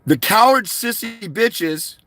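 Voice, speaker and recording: A man's voice: high-pitched, expressive, slow pace, pushed and bright. A man ranting angrily to camera, hurling insults at his critics in a preachy, combative way. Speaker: YouTuber giving fathers' rights advice. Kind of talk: angry vlog rant.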